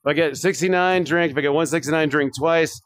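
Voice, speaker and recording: A man's voice: a little high, quick pace, dry recording, studio quality. A man streaming a virtual reality shooter, rambling and joking with viewers and swearing often. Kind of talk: casual live-stream commentary.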